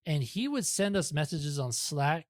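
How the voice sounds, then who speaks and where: A man's voice: on the high side, lively intonation, measured pace, no echo, clean studio sound. A young man talking as a podcast guest in casual chat, rambling and self-deprecating, with many restarts.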